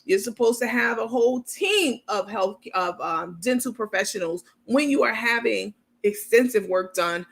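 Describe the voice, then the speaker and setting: This adult, degree-holding woman speaks with a New York accent, hosting a rambling, chatty commentary show in a casual livestream style and reading viewer comments aloud. Her voice is a little high and runs at normal speed with hardly any pauses.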